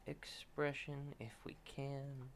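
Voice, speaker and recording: A man's voice: mid-range voice, completely flat delivery, slow, slight background noise. A young man streaming himself drawing, chatting casually and thinking aloud with lots of restarts. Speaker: artist streaming a drawing session. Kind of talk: casual commentary while drawing.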